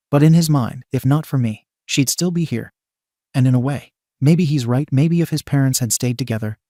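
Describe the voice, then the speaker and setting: A man narrating a story in an even, steady scripted read. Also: medium pitch, no echo, clean studio sound.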